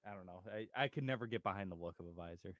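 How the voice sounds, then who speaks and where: A man's voice: low-pitched, racing, dry recording. A man hosting a local sports radio show, chatting casually with his co-host and laughing easily. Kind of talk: casual on-air chat.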